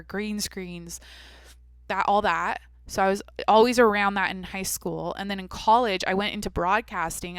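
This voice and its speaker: A woman's voice: mid-range voice, a bit bright, clear, resonant tone, dry recording. A woman in her twenties hosting a solo podcast, rambling candidly and swearing casually into a microphone in a small home studio. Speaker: podcast host.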